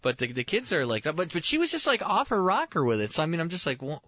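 A man's voice: a little high, huge pitch swings, fast talker, no echo, lo-fi sound. A man in his thirties, a pastor and show host, chatting casually and telling family stories with frequent chuckles and restarts. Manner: storytelling, chuckles often, restarts mid-phrase. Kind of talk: casual chat on a talk show.

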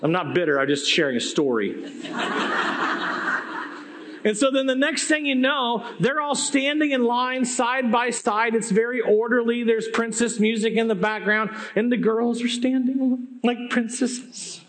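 A man preaching a sermon, telling stories in an animated, conversational way that swings between loud and hushed. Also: very high voice, measured pace. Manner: conversational, with asides to the audience.

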